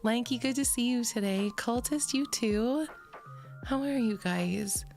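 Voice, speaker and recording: A woman streamer talks with her chat in a sleepy, gravelly morning voice at a mid pitch. She rambles and giggles through casual banter, swears freely, and speaks into a desk mic at home with faint music behind. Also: a little slow, darkish tone.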